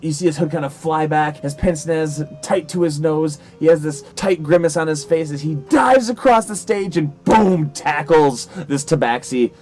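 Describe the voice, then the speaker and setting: A man's voice: a little high, moderate pace, few pauses, darkish tone, soft background music. A man narrating and running a tabletop game as game master, rambling with many fillers.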